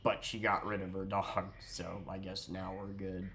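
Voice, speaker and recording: A man's voice: fairly low pitch, measured pace, hardly any pauses, a little hiss or hum. A young man ranting sarcastically about a neighbor, swearing freely. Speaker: vlogger. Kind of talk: ranting storytime.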